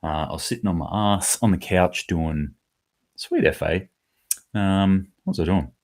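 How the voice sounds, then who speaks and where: A man's voice: low voice, unhurried, a little mellow. A man hosting his own daily preparedness commentary, talking casually and bluntly, rambling a little and swearing now and then. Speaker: host of a daily preparedness news show.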